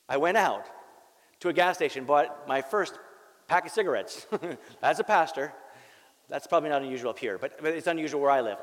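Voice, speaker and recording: A man's voice: fairly high pitch, fairly quick. A man preaching a sermon as a pastor. He tells a personal story earnestly and candidly, repeats words as he goes and drops in wry jokes. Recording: long reverb of a large hall.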